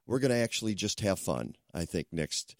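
A man hosts a talk radio show in a rambling, chatty way, doubling back on his sentences. His voice sits somewhat low, and the studio sound is dry and close. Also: very animated, brisk, gravelly, dry recording.

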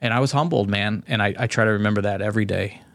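Blunt, profane man with a low voice. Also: fast, a bit bright, no echo. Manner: profane, blunt, frequent restarts. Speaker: podcast guest. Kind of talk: candid conversational storytelling.

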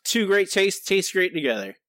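A man's voice: high-pitched, very animated, moderate pace, a bit bright, dry recording. A man co-hosting a podcast, playfully sarcastic and mock-explaining jokes. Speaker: podcast co-host. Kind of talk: casual chat. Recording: dry podcast mic.

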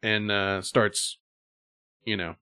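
A man's voice: lowish voice, steady tone, slow pace, pushed and bright, smooth, no echo, clean studio sound. A man hosting a podcast in casual chat, rambling with many fillers as he sets up stories. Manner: rambling, filler-heavy storytelling. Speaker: podcast host.

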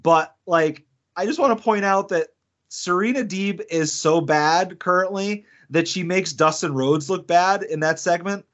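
Unhurried and fairly bright, this high male voice belongs to a podcast co-host who rambles casually with lots of fillers and restarts. The audio is dull and lo-fi.

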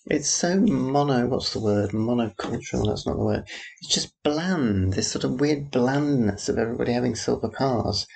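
Gravelly man rambling dryly. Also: medium pitch, animated, moderate pace, a little mellow. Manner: rambling, dry wry asides on passers-by. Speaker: theatre worker. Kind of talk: rambling personal audio diary.

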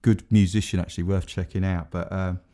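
A man's voice: sits low, level tone, brisk, mellow. A man co-hosting a casual chat, rambling and self-mocking with frequent laughs. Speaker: podcast co-host.

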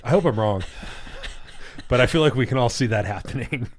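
A man co-hosting a podcast in casual chat, dropping deadpan, crude one-liners. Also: medium pitch, a little fast, slight background noise. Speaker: podcast co-host.

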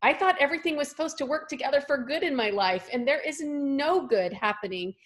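A woman's voice: high-pitched, expressive, a little fast. A woman in her fifties, originally from California, telling a personal faith story as a guest in an interview. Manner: earnest storytelling, acts out voices in quotes. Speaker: guest author and speaker. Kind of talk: personal testimony in a podcast interview.

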